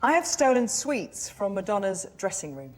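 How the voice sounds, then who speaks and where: A woman's voice: mid-range voice, big pitch swings, moderate pace. A woman on a panel show, telling her story hesitantly with many fillers.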